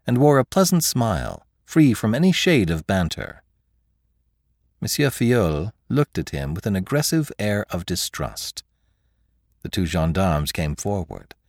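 A man narrating a classic novel for a podcast, measured and expressive. His fairly low voice moves through a wide range, recorded close and dry. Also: no echo. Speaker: audiobook narrator.

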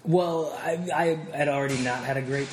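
A man's voice: mid-range voice, fairly even intonation, a little fast, echoey room, slight background noise. A man guest in a casual interview, talking candidly with many fillers and restarts.

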